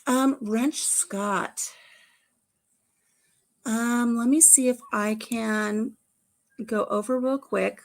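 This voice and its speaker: A woman's voice: on the high side, fairly even intonation, very slow, creaky, pauses often. A middle-aged woman hosting a livestream, chatting casually, telling stories and answering the live chat. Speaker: livestream host.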